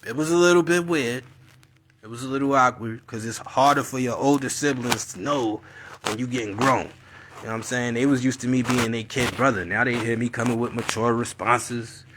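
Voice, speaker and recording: A man's voice: mid-range voice, normal speed, a little hiss or hum. A young man telling a personal story in a live video, in slangy casual speech, acting out his relatives' voices. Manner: animated storyteller, acts out family voices.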